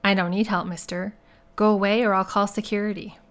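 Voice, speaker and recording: A woman's voice: medium pitch, level tone, brisk, lightly acted. Kay, a woman voicing a wary worn-out woman. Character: tired nervous woman in her forties, defensive.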